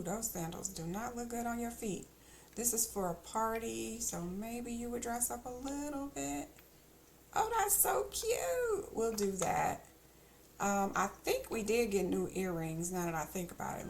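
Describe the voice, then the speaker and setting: A woman's voice: medium pitch, vocal fry, darkish tone, slight background noise. A woman streamer chatting casually as she plays, thinking aloud with teasing asides. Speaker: game streamer. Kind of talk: casual gameplay commentary.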